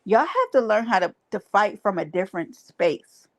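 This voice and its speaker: A woman's voice: mid-range voice, lively intonation, normal speed. A woman hosting a livestream, talking to her chat in an emphatic, preachy way and repeating her phrases. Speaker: livestream host. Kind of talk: casual livestream talk to chat.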